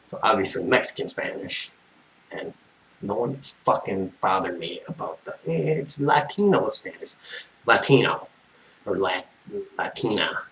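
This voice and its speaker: A man's voice: low-pitched, a little slow, a bit bright, slight background noise, poor audio. An American man telling a personal story as a vlogger, exasperated and swearing constantly, wandering off on tangents. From United States. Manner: profane, exasperated, tangent-prone.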